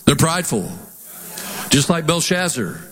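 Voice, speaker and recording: Twangy southern preacher guy, fired up and folksy, voice a bit high, big echoey hall. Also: measured pace. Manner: animated, folksy, mock voices and jumps in pitch. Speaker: pastor. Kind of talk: sermon. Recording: long hall reverb.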